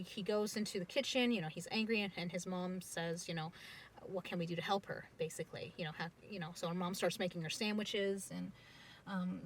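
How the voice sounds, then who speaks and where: A young woman casually telling a family story, animated and getting loud and excited at the dramatic parts. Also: lowish voice, a little hiss or hum.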